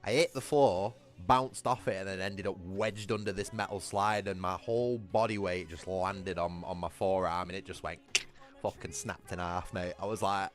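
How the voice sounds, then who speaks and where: A man's voice: low voice, a little slow. A man, chatting casually with his livestream viewers, rambling, swearing freely and laughing often. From Britain. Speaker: gaming livestreamer.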